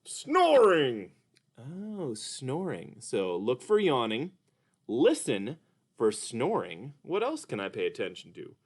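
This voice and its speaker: A man teaching children in a gentle, patient way during a puppet lesson. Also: medium pitch, wildly swooping pitch, measured pace. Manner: gentle, patient, explaining to kids.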